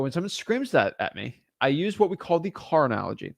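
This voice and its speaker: A man coaching real estate wholesaling in a blunt, energetic, casual way. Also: a little high, brisk, creaky, no room sound, studio quality. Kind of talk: casual instructional talk.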